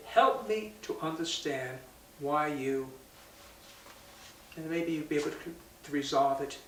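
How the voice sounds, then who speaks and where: A man's voice: a little high, a little hiss or hum. A male priest giving a casual daily reflection after reading the gospel, chatty and conversational, full of asides to the listener. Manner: chatty, conversational, with asides like "right?" and "you know". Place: church. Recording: roomy sound from a distance.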